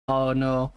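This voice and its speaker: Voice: medium pitch, smooth, no room sound. A live streamer in casual chat, rambling and greeting viewers by name.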